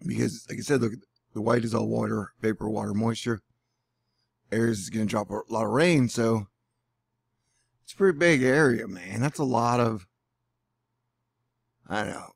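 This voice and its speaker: A man's voice: lowish voice, moderate pace, vocal fry, long pauses, breathy edge, no echo, clean studio sound. A man in a casual weather vlog at home, talking in a sarcastic, rambling way. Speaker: weather vlogger. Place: indoors at home.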